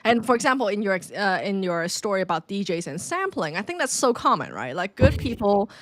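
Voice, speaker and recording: A woman co-hosting a podcast in casual chat, animated and laughing often, with many fillers. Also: mid-range voice, a little fast, no room sound. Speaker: podcast co-host.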